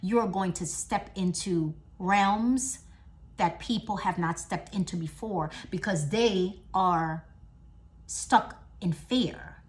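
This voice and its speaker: Woman motivational speaker, middle-aged, emphatic, keeps repeating herself, goes loud then hushed. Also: mid-range voice, slow pace. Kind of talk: motivational talk.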